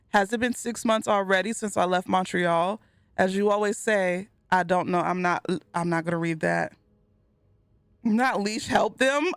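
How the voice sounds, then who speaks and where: A woman hosting a gameplay video. She reads in-game letters aloud slowly and earnestly, and sometimes breaks off with giddy high-pitched exclamations. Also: smooth, no room sound. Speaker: gaming video host. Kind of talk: let's play commentary, reading in-game letters aloud.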